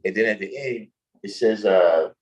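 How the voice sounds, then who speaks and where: A man hosting a casual livestream chat, telling stories in an animated, slangy way and laughing often. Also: on the low side, normal speed, low-quality recording. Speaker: host.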